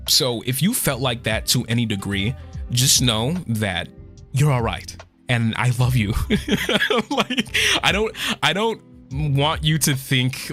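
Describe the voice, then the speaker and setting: A man's voice: mid-range voice, a bit bright. A man streaming a casual chat with his viewers, emotional and swearing often, choked up and holding back tears. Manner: emotional, swears a lot, trails off and restarts. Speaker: VTuber streamer.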